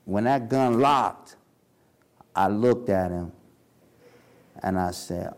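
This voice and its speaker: A man's voice: slow, pauses often. A man recounting his own past in candid spoken storytelling, in casual slang, acting out the voices of other people. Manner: casual street slang, acts out quoted voices with shifts in pitch.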